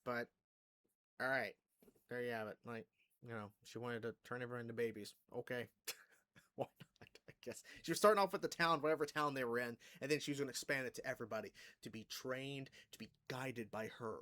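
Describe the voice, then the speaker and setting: A man's voice: mid-range voice, fairly quick, sharp tone. A man hosting a reaction channel, rambling through casual commentary on a cartoon episode. He is exasperated, swears freely and laughs between thoughts.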